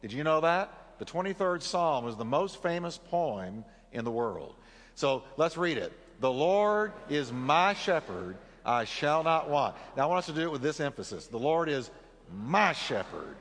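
A man's voice: fairly high pitch, very animated, moderate pace, a bit bright, in a large hall. A man preaching a sermon as pastor. He leads the congregation in reading and prayer and speaks earnestly.

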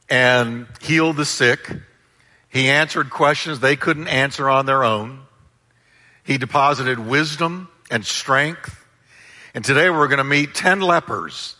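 Male pastor, sermon; forceful bright tone, emphatic call-and-response, long hall reverb. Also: medium pitch.

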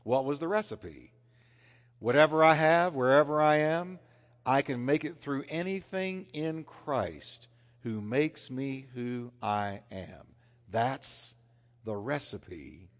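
A man preaching a sermon, swinging between loud emphasis and hushed, intense passages. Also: medium pitch, expressive, takes it slowly. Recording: long hall reverb.

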